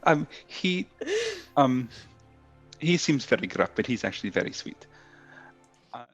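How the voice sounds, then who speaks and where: A man's voice: mid-range voice, sing-song, measured pace, highs cut off, soft background music. Hesitant man role-playing a tabletop character. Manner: hesitant, full of ums. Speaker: player.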